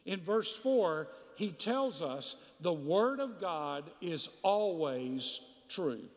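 A man's voice: on the high side, expressive, takes it slowly. A man preaching a sermon as pastor, emphatic and repetitive, in a church sanctuary. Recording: long hall reverb.

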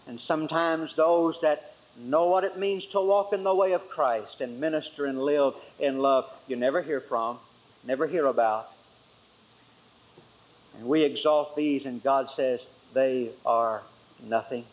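Male preacher, raised pitch, emphatic sermon delivery, dull lo-fi recording. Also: measured pace. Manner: emphatic, rises high then drops to quiet lines.

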